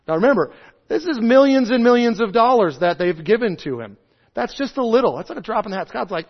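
A man in his thirties or forties preaching a sermon, stressing points loudly and then dropping to soft, low asides. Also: expressive, brisk. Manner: emphatic, swings between loud stresses and soft low asides. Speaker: pastor. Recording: dull lo-fi sound.

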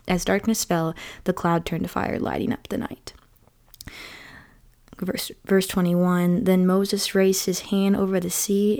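A woman giving a casual devotional talk and reading scripture aloud, often dropping into a soft, whispery, slowed delivery on key phrases. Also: fairly low pitch, creaky. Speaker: devotional speaker.

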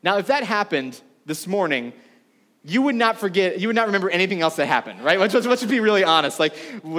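Guy giving a chatty sermon, kinda high voice, long echo in the hall. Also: fast. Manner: casual, conversational, animated with asides and laughs. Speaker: pastor. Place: church room before a congregation.

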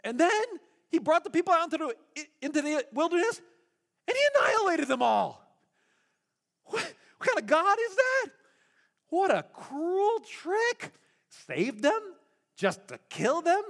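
A man's voice: very high-pitched, big pitch swings, unhurried, creaky, pauses often, fairly bright tone, pitched above the performer's own voice, full character voice. A pastor acting out Moses as an exasperated man pleading with God, indignant and incredulous.

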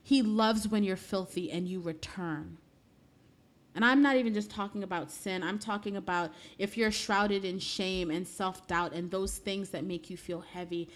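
A woman speaking earnestly to her viewers in a conversational faith talk, often dropping soft and low when heartfelt. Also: moderate pace. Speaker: Christian speaker.

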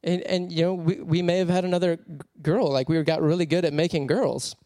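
A man preaching a sermon as a personal story, animated and laughing often as he tells it. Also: on the high side, a little fast, dry recording, studio quality.

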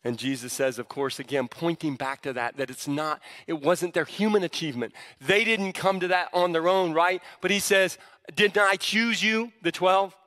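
A male pastor with a bright, forceful, fairly high voice delivers a sermon. He teaches conversationally and then presses his points with fervent emphasis. The sound rings with the long reverb of a big church sanctuary. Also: normal speed, few pauses. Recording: long reverb of a large hall.

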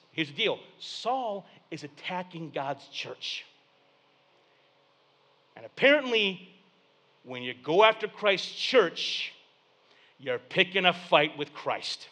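A man in his thirties delivers a sermon, acting out the story with voices and asides. His voice sits high and swings widely in pitch. It has a bright, sharp edge. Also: takes it slowly, long pauses. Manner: animated storytelling with acted-out voices and jokes. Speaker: pastor.

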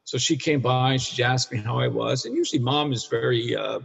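A man's voice: medium pitch, fairly quick, creaky, breathy edge. A man in his sixties from Canada telling a hard personal story as a guest, rambling and restarting, blunt and sometimes profane. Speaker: guest, addiction counselor for men. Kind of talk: candid storytelling in conversation. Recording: dull, echoey room recording.

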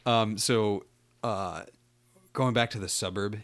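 A man co-hosting a casual podcast, trading dry, teasing banter. His voice sits fairly low and is recorded dry, with no room sound. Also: fairly even intonation, takes it slowly, no room sound. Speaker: podcast co-host. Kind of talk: casual chat.

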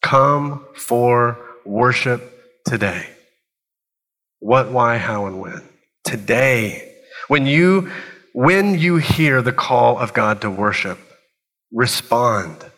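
A man's voice: mid-range voice, sing-song, takes it slowly, fairly bright tone, in a large hall, rough recording. A man preaching a sermon in a church, earnest and building his points with short repeated phrases. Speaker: pastor.

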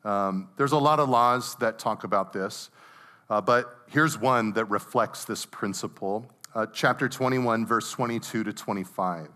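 A middle-aged pastor preaching a sermon with a bright, forward tone. He moves easily between reading scripture and telling homey stories in a conversational way. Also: lowish voice, measured pace.

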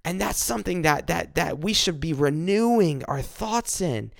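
A man's voice: fairly high pitch, expressive, normal speed, gravelly, no echo, studio quality. A young man giving an earnest devotional talk, often repeating words and phrases for emphasis. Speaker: devotional speaker.

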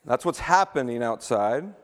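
A man's voice: mid-range voice, expressive, a little slow. A middle-aged male pastor preaching a sermon, emphatic and quizzing the congregation with questions as he reads scripture.

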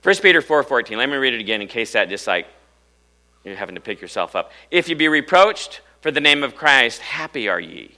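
A middle-aged pastor preaches a sermon in church, firing off rhetorical questions and swinging between loud and hushed. His mid-range voice is very animated and a little fast.

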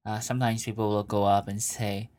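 A man's voice: lowish voice, flat delivery, a little fast, darkish tone. A man hosting an advice show, reading listener questions aloud and answering with crude, mocking commentary while laughing. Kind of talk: casual profane advice commentary.

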